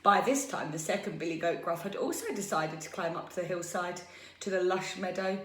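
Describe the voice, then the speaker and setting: Teacher lady reading a story to little kids, lively, roomy echo. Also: lowish voice, a little fast, distant mic, slight background noise. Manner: expressive, lively. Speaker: primary school teacher. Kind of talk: storytelling for young children.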